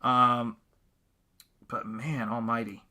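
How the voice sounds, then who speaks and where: A man's voice: mid-range voice, flat delivery, slow, sharp tone. A man hosting a live painting stream, chatting casually and rambling as he reads out viewer comments. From New England.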